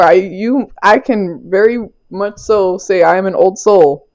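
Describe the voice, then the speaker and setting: A woman's voice: mid-range voice, unhurried, darkish tone. A young woman giving a casual spiritual tarot reading, loose and playful, swearing, using slang and laughing often. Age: young adult. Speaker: tarot reader.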